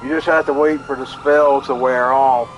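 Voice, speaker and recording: A man of ordinary pitch tells a meandering story to his live stream audience. He speaks in a folksy, plainspoken way. His sentences wander and loop back on themselves. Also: fairly even intonation, moderate pace, lo-fi sound, a little hiss or hum. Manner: rambling, folksy, repeats himself. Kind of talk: casual personal storytelling.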